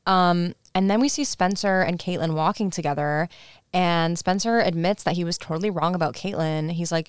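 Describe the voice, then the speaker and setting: A woman's voice: on the low side, normal speed, smooth, no echo, studio quality. A young woman co-hosting a podcast, chatting casually and retelling a film scene by acting out the characters' lines. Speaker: podcast co-host. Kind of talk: casual chat recapping a film.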